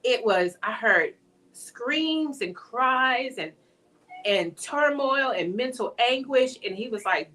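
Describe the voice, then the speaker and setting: A woman's voice: on the high side, a little slow, recorded from a distance. A woman, sharing an emotional personal faith story in an interview as an author guest. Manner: emotional testimony, animated storytelling. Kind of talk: conversational interview.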